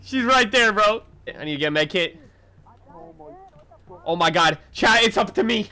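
A young man hosting a let's play, talking excitedly, often shouting and laughing. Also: high-pitched, normal speed. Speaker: gaming video host. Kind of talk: casual let's play commentary.

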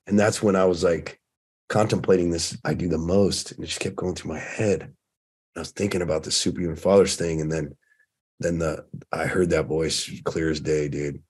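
A man's voice: low voice, normal speed, a little mellow, breathy edge. A man in his thirties, a podcast guest, candidly telling his story in casual conversation and swearing freely. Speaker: podcast guest, firefighter turned coach.

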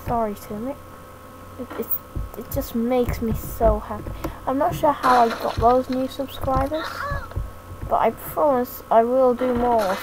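A woman giving a hesitant, self-deprecating, rambling thank-you talk as a gaming YouTuber. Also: on the high side. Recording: noisy home mic recording.

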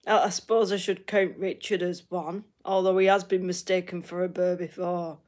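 A woman from northern England, with a Northern English accent, hosts a livestream and chats casually with her viewers, laughing a lot and repeating herself. Her voice is fairly low and a little dark, with little pitch movement and a normal pace.

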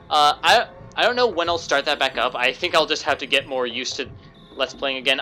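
A man's voice: medium pitch, sharp tone. Rambling man doing game commentary. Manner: rambling, reads game text in voices. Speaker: let's play host. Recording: faint game music behind.

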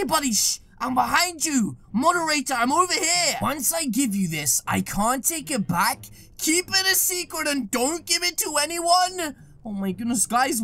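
A woman doing excited gameplay commentary as a gaming YouTuber, reading chat messages aloud to her viewers. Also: sits high.

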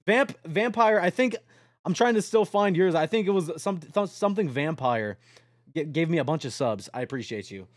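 Young male streamer, high-pitched, dry close mic, rambling and profane, excitable late-night chatter. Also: moderate pace, no echo. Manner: rambling, excitable, swears a lot.

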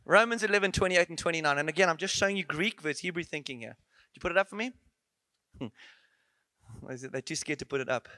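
This conference sermon, preached in a church, comes from a man with a slightly high voice who talks fast but pauses often, with no room sound. His style is playful and animated, peppered with rhetorical questions and asides.

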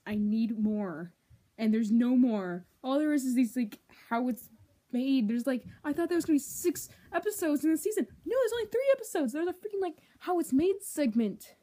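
A woman's voice: a little high, dark tone. A young woman vlogging to her camera in a dramatic, gushing way, swinging between whiny outbursts and whispers. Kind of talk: casual confessional vlog.

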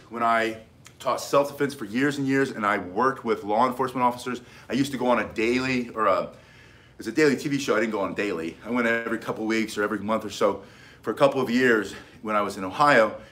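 Speaking at a quick clip with a medium pitch and slightly bright tone, a middle-aged self-defense instructor gives casual, emphatic instruction. He drives his key points home and frequently starts sentences over.

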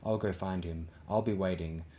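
A guarded female leader under pressure speaks with careful, measured words, read by a man in his own low voice. She keeps her tone cool and controlled. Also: fairly even intonation, warm tone, slight background noise, close to an everyday voice.

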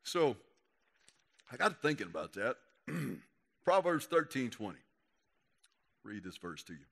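A man's voice: mid-range voice, sing-song, unhurried, gravelly, pauses often, a bit bright. Folksy man preaching casually. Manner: folksy, conversational, acts out quotes. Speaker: youth pastor. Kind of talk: casual sermon to young people.

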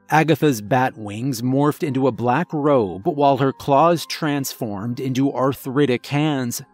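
A man narrating a first-person horror story in a measured, dramatic storytelling manner. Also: medium pitch, no echo.

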